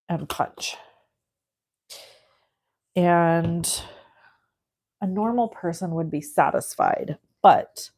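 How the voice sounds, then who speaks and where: A middle-aged woman hosting a craft livestream, chatting casually and telling a story as she works. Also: on the low side. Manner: chatty storyteller, animated and self-mocking. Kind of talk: casual chat while crafting.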